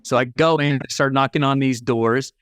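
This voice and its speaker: Guy telling a story on a podcast, lively, acts out the voices, mid pitch, dry close mic. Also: moderate pace, clean tone, no echo. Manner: animated storyteller who acts out dialogue. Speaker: podcast guest, auctioneer. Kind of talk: personal storytelling in an interview.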